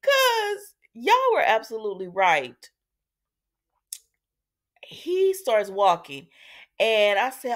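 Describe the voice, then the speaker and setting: A woman hosting a casual soap opera recap, chatting to her viewers in an animated, storytelling way. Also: on the high side, takes it slowly, pauses often. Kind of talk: casual commentary.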